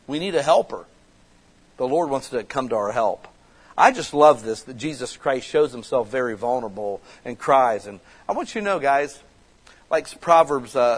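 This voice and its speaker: A man's voice: fairly high pitch, breathy edge, low-quality recording. A man preaching a casual, conversational sermon that builds to passionate emphasis as a church pastor. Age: adult with children.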